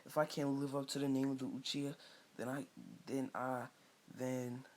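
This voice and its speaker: A man's voice: medium pitch, flat delivery, moderate pace, darkish tone, natural voice. A man voicing a proud, brooding teenage boy ninja with a curt, cold manner.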